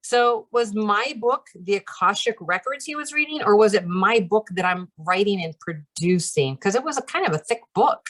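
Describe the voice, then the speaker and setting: A woman's voice: mid-range voice, expressive, moderate pace, few pauses, fairly bright tone. A woman leading a channeling practice group who talks in a casual, chatty way, with many fillers and light laughs.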